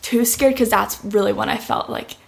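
A young woman, appearing as an interview guest, gives a heartfelt personal testimony and uses "like" often as filler. Her mid-range voice is steady, with vocal fry, at normal speed.

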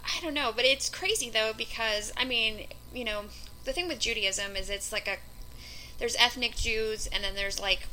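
A woman's voice: on the high side, normal speed, bright, forceful tone, rough recording. A young adult woman co-hosting a casual podcast, speaking conversationally and hedging with "I mean" and "you know". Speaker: podcast co-host. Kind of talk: casual chat.

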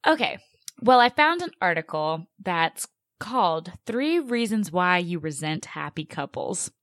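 A young woman co-hosts a casual podcast in a slightly low voice. She talks in a chatty, sarcastic way and scatters "like" through her sentences. The sound is dry and close. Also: very animated, measured pace, fairly bright tone, no echo. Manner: chatty, sarcastic, says "like" a lot. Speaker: podcast co-host.

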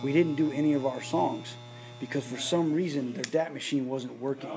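A man's voice: mid-range voice, fairly even intonation, normal speed, noisy background. A man who is a podcast guest, chatting casually, agreeing briefly and adding his own memories. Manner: short agreeing replies, recalling details. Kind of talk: casual chat.

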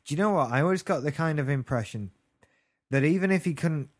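A man's voice: fairly high pitch, animated, quick pace. A British man chatting casually as a podcast co-host, with wry, jokey asides. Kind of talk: casual chat.

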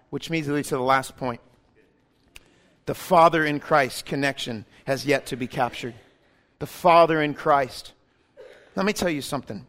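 High-voiced man preaching a sermon. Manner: swings from loud and emphatic to hushed and intimate; acts out quoted voices in a casual, joking way. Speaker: pastor.

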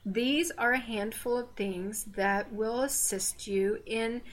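Co-hosting a relaxed faith podcast, this Southern American woman talks in a chatty, digressive way and throws in playful teasing. She is from the Southern United States, and her slightly high voice takes its time.

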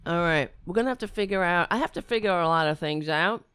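A woman hosting a live-stream show, ranting and rambling in casual chat as she thinks aloud, her voice going hoarse. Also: fairly low pitch, quick pace, fairly bright tone, slight background noise. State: losing her voice.

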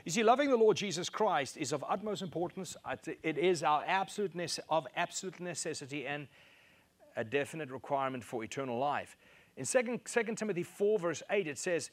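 Male preacher, fairly high voice, emphatic and repetitive in delivery. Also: animated, brisk. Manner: emphatic, repeats key phrases, rises in pitch to stress points. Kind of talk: sermon.

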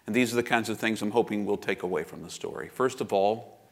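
A man's voice: fairly low pitch, fast, vocal fry. A man in his fifties preaching a sermon as pastor, reflective and confessional, with personal asides.

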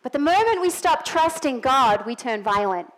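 A woman's voice: sits high, expressive, moderate pace, rough recording. A middle-aged woman with a non-American English accent, preaching a sermon in a church in a chatty way with joking asides.

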